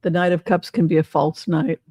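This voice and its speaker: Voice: mid-range voice, fairly even intonation, moderate pace, dark tone, no echo. An older tarot reader giving a casual reading, rambling and sarcastic, swearing freely.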